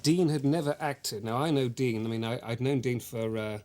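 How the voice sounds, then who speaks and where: A man's voice: mid-range voice, fairly even intonation, moderate pace, a little mellow, lightly acted. An actor playing a self-important, condescending male actor in a mock documentary interview, full of hesitant fillers. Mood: self-satisfied.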